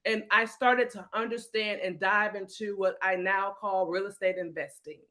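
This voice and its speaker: A woman, a real estate coach telling her life story as a podcast guest, animated and emotional. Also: medium pitch, moderate pace.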